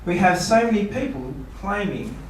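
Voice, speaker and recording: Man preaching a seminar talk in a big echoey hall, mic set well back, fairly high voice. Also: sing-song, moderate pace, slight background noise. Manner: rhetorical questions, playful mock quotes. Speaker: pastor. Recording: echoey room, voice from far off.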